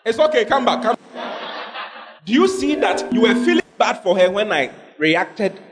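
Animated high-pitched male preacher. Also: moderate pace, loud music behind the voice, a loud crowd. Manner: animated preaching, acting out God in a dramatic skit. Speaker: pastor. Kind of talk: sermon. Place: church hall with congregation.

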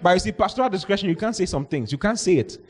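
A man, a pastor preaching a sermon, telling stories with lively mimicry of voices and frequent laughter. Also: high-pitched, rapid-fire. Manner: animated storytelling, mimics voices, laughs often.

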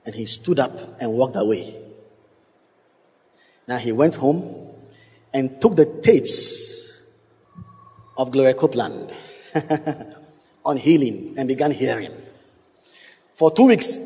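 A man preaching a sermon, emphatic and quizzing his congregation, with sudden leaps in pitch. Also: lively intonation, slow pace, long pauses, darkish tone. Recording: long hall reverb.

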